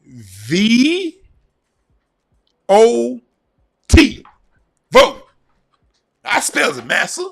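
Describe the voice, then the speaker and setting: A man doing a mocking impression of a raspy man fumbling through a spelling quiz, spelling slowly letter by letter. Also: extremely high pitch, huge pitch swings, voice pushed up, exaggerated voice. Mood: fumbling, pleading. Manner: slow, halting, spells letter by letter. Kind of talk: mocking impression in a casual vlog.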